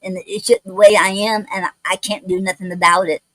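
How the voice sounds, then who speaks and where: A woman hosts a poetry livestream at her home mic, stumbling and restarting as she goes and carefully spelling out words. Some of her words don't come out clearly. The sound is dry and close, with a middle-pitched voice. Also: little pitch movement, dry recording, poor audio. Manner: halting, many restarts and fillers, spells out words letter by letter. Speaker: poetry show host. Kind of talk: casual livestream talk.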